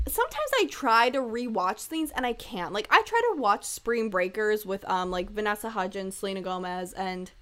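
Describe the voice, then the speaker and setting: A woman's voice: a little high, a bit bright. Rambling, jokey young woman podcaster. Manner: candid, rambling, full of "like" and asides; jokey and irreverent, laughs often. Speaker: podcast host. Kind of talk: casual solo podcast chat.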